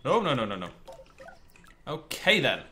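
A man's voice: medium pitch, sing-song, measured pace, pushed and bright, a little hiss or hum. A man with a northwest English accent hosting a let's play, chatting and exclaiming to himself as he plays. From northwest England. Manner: chatty, exclaiming, talks to himself while playing. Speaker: gaming channel host.

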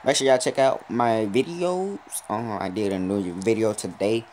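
A young man giving casual commentary while playing a mobile football game, swinging between loud outbursts and quiet muttering. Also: fairly low pitch, moderate pace, low-quality recording. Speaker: mobile gaming YouTuber. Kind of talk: casual live gameplay commentary. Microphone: phone. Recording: loud background noise.

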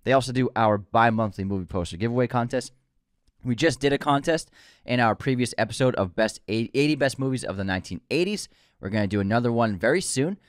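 A man's voice: medium pitch, quick pace, no room sound, studio quality. A man co-hosting a casual movie podcast, joking, laughing easily and reading a sponsor spot with energy. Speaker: podcast co-host.

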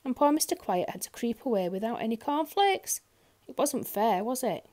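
A woman reading a children's picture book aloud, expressive and talking directly to young listeners. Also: on the high side, moderate pace. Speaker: storyteller. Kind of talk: children's story read-aloud.

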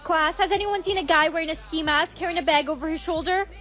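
A woman's voice: extremely high pitch, quick pace, a bit bright, soft background music. A woman playing a friend and teacher in a comedy skit, coaxing and matter-of-fact.

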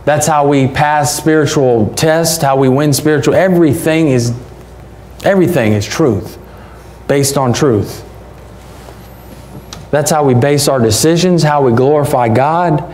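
Folksy pastor, mellow voice. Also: male voice, on the high side, measured pace. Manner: conversational, folksy, rhetorical questions. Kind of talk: sermon. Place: church.

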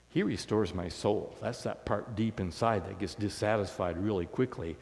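A man's voice: fairly low pitch, normal speed, gravelly, hardly any pauses, a little mellow, in a large hall. A man preaching a sermon as pastor, in a conversational, storytelling way. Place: church sanctuary.

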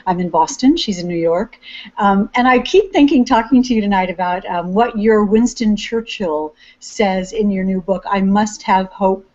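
A woman interviewer with a mid-range voice, warm, chatty and effusive with a friend. She is on a live webcast, and the sound is dull and lo-fi. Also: medium pitch, normal speed. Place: remote webcast from Boston.

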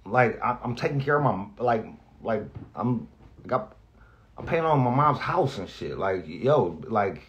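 In dull audio, a radio host says a casual farewell in an animated, mid-range voice that runs a little slow. He rambles and swears heavily, keeps restarting his sentences, and gets emotional enough to seem near tears.

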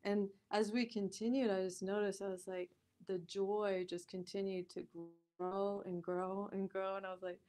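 Woman guest on a podcast, middle pitched voice, chatty storytelling, lots of likes and you knows, laughs a lot. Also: normal speed, faint music behind. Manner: animated, laughs often, lots of "like" and "you know". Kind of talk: conversational storytelling.

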